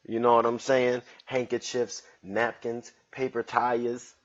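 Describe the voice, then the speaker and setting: A man's voice: mid-range voice, little pitch movement, a little slow, highs cut off. A man hosting his own comedy podcast at home, joking around in loose slangy street talk. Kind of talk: casual solo podcast monologue.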